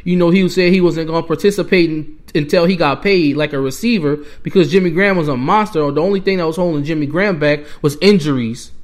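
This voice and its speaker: A young man, hosting a podcast and ranting with heated exasperation as a sports fan. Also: a little high. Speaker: podcast host. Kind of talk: fan rant.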